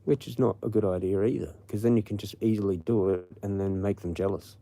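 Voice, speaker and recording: A man's voice: lowish voice, fairly even intonation, fast talker, dark tone. A man with an Australian accent, ranting casually and profanely on a late-night livestream. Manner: profane, rambling. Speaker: livestream host.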